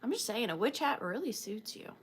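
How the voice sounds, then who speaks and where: A woman's voice: a little high, sing-song, brisk, a little hiss or hum. A sleepy woman with a Southern US accent hosting a live sale stream, chatting casually and greeting viewers by name, sometimes dropping to a whisper.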